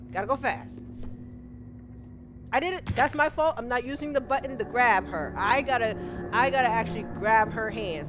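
A middle-aged woman streaming a game live, chatting casually, greeting viewers by name and laughing often. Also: on the high side. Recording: slightly dull home-stream audio with steady noise.

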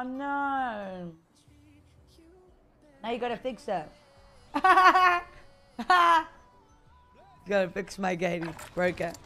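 A woman streaming a shooter game, chatting casually with her viewers and teammates, excitable and laughing often. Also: high voice.

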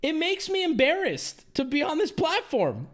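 A man's voice: extremely high pitch, huge pitch swings, normal speed, heavy background noise. A man streaming live, ranting angrily with heavy swearing and exasperation. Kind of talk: angry live-stream rant.

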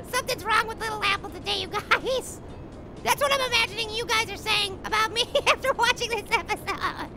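A woman voicing a tiny, childlike cartoon apple who gives giddy gameplay commentary, laughing a lot and shouting silly catchphrases at the game. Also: very high voice. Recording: game music playing behind the voice. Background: game music and sound effects.

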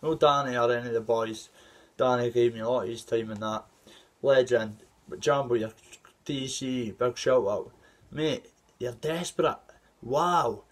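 A man's voice: mid-range voice, unhurried. A Scottish man in his thirties, an amateur fighter, delivering an aggressive, rambling trash-talk callout to a rival. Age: 30s. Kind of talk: trash-talking callout video.

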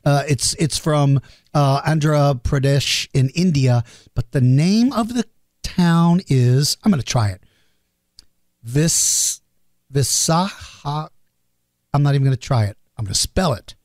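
A man's voice: on the high side, expressive, moderate pace, a little mellow, no room sound, clean studio sound. A man hosting a podcast, answering listener questions in an earnest, chatty way and stopping to apologize for names he cannot pronounce. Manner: earnest and chatty, explains with simple comparisons; self-deprecating and apologetic over hard names. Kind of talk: casual podcast Q&A.

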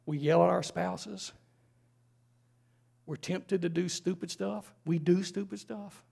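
A man's voice: high-pitched, fairly even intonation, takes it slowly, vocal fry, warm tone. A man preaching a sermon in a church, conversational, with frequent rhetorical questions. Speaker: pastor. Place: church sanctuary.

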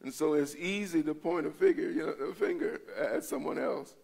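A man's voice: a little high, moderate pace, vocal fry, a little mellow, husky. A male pastor teaching a Bible study in a church, talking in a conversational way and often checking in with his listeners.

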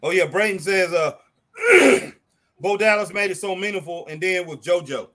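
Excitable man, bright voice. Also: high voice, normal speed. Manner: excitable, exclaims at the action. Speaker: co-host of a live wrestling watch-along. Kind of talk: casual chat, reading viewer comments.

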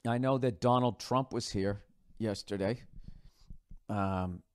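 A middle-aged American man rambles through a casual monologue on his podcast, profane and sarcastic, with loose asides. His voice is on the low side, clear and resonant, he takes it slowly, and there is no echo.

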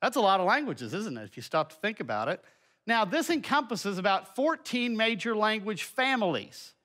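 A man's voice: sits high, sing-song, normal speed, bright, forceful tone. A middle-aged man giving a folksy, conversational Bible lesson with slides, full of asides. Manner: folksy and conversational, with many asides and filler words. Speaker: teacher presenting a children's Bible lesson.

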